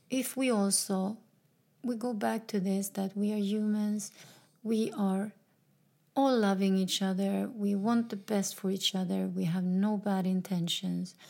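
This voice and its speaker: Slow, gravelly woman in her fifties. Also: medium pitch. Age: 50s. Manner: earnest and heartfelt, sometimes dropping to a soft whisper. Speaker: speaker sharing personal growth advice. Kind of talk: reflective personal talk.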